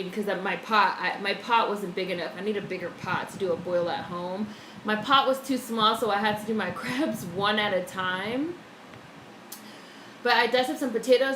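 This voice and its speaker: Speaking in a medium-pitched, fairly bright voice, a woman chats casually on a live stream from indoors at home. She curses freely and reads viewer messages aloud, and the echoey room has faint background noise.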